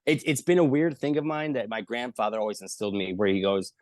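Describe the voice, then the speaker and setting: A comedian telling animated, jokey stories in an interview, acting out the people he quotes and swearing freely. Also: fairly low pitch, fast, few pauses, no room sound. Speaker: comedian guest. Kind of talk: casual storytelling in an interview.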